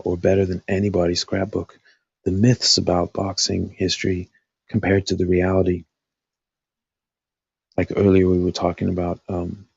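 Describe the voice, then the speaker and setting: A man's voice: low voice, creaky, husky, dry recording, muffled recording. A man hosting a casual live stream, thinking aloud with lots of fillers, his voice dry after talking all night.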